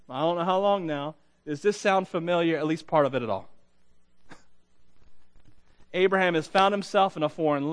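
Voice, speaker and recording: A pastor preaching a sermon to his congregation, reading scripture and then talking it through in a conversational, self-deprecating way. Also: sits high. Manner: conversational, self-deprecating, chuckles between points.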